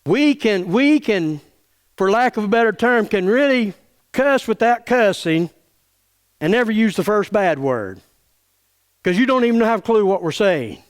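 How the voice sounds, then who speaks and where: A middle-aged pastor, preaching an angry, folksy sermon full of stammered restarts. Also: male voice, high-pitched, big pitch swings, measured pace. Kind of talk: fiery sermon.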